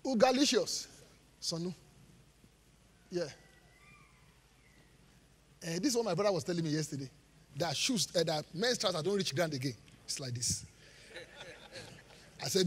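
A man preaching a live sermon as pastor, animated, asking the congregation rhetorical questions and laughing between points. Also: high-pitched, normal speed, long pauses, slightly rough. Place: large church hall. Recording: live church sermon with long hall reverb.

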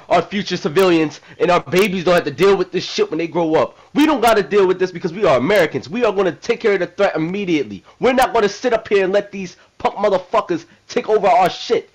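A man's voice: high voice, low-quality recording. A man voicing a brash, hot-tempered male president in a video game role-play drama, rambling in profane street slang.

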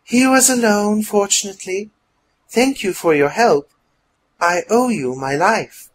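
A man's voice: fairly high pitch, big pitch swings, slow pace, slight background noise, voice pushed up, low-quality recording. A man voicing a young, regal princess from an undersea kingdom who speaks in a formal, stilted way. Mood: earnest.

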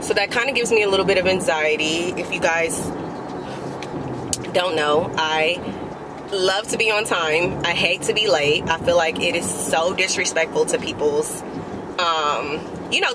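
A young woman from Los Angeles with an LA accent vlogs casually to camera, calling her viewers "y'all." Her lowish voice is a little slow, and the sound is roomy with background noise.

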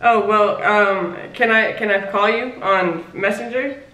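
A woman's voice: medium pitch, fairly even intonation, a little slow, bright, forceful tone, far from the mic. A young woman co-hosting a casual vlog, bantering in an easygoing, joking way. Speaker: vlog co-host. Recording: echoey room, faint hiss.

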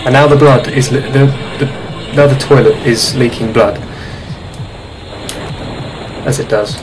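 A man hosts a let's-play of a horror game, cracking jokes and reacting jumpily to the scares as horror game music plays behind him. His mid-range voice is steady and a little slow, captured in poor audio.

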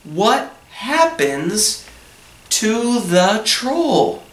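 A man's voice: high voice, big pitch swings, drawn-out words, fairly bright tone, a little hiss or hum. A man teaching an English lesson, asking simple questions about a story and then answering each one in plain words. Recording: echoey room, voice from a distance.

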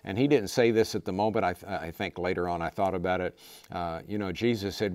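A man's voice: low voice, brisk, darkish tone, dry recording. A man preaching a sermon as a pastor, emphatic, piling up repeated lists and growing more intense.

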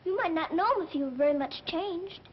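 A woman's voice: extremely high pitch, a little fast, a little hiss or hum. A young girl speaking politely and earnestly in a 1930s film. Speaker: little girl lead in a film. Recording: dull old film soundtrack.

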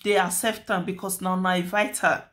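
A woman's voice: fairly low pitch, level tone, fairly quick, fairly bright tone. A woman with a Nigerian accent hosting a commentary channel, talking through a dispute in a chatty, lecturing way and repeating her points. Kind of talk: casual commentary in Nigerian Pidgin.

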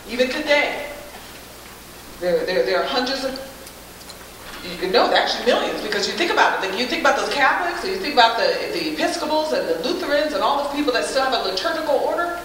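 A woman gives a faith-based speech in a preacherly way, her fairly high voice climbing to loud, emphatic peaks. She is heard from a distant mic in a hall with heavy echo. A faint hiss runs under the recording. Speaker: guest speaker.

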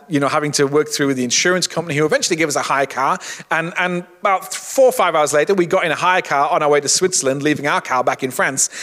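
A man's voice: a little high, fairly bright tone, long reverb tail. A middle-aged man preaching a sermon in a conversational way, often restarting his words and saying "you know". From England. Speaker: pastor.

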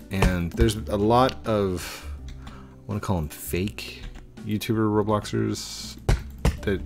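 A man hosting a gaming video, rambling and joking with other players in casual commentary. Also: lowish voice.

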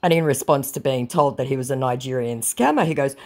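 A woman's voice: low-pitched, a little fast, husky. A woman hosting a scam-baiting channel, narrating a chat with a scammer in a sarcastic, scornful way. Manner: sarcastic, animated, laughing at the scammer.

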